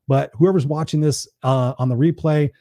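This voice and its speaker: A man's voice: a little high, steady tone, moderate pace, dark tone, no echo, clean studio sound. A man hosting a live stream, giving a blunt, preachy motivational talk in a casual, conversational way and swearing freely.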